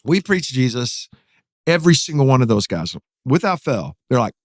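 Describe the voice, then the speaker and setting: A pastor recounts a story on a podcast, his pitch swinging high and low as he acts out what others said. The sound is dry and close, with no room around him. He talks in a lively, storytelling way. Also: moderate pace, dry recording. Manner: animated, acts out quotes with rising pitch.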